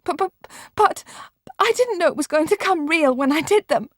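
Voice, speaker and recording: A woman's voice: medium pitch, unhurried, breathy edge, dry recording, studio quality, voice pushed up. A woman reader voicing a frightened, meek young girl who turns apologetic and tearful. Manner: anxious, apologetic, tearful at times.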